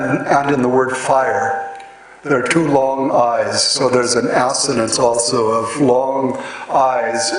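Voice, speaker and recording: A man giving a lecture on poetic rhythm, explaining patiently with pauses and fillers, recorded in a hall before an audience. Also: mid-range voice. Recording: echoey hall, voice from far off, audience present.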